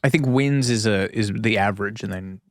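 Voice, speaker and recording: A man's voice: lowish voice, moderate pace, dry recording, studio quality. A man co-hosting a podcast, reading an article aloud in a casual tone and breaking off for wry asides and laughs. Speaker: podcast co-host.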